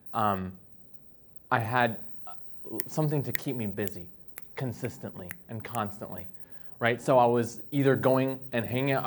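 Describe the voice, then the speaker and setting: A young man and dancer telling personal stories in a casual talk, tagging sentences with "right?" and acting out the people he quotes in a raised voice. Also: mid-range voice. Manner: animated storytelling, tags "right?", acts out quoted people in a raised voice. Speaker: dancer and speaker.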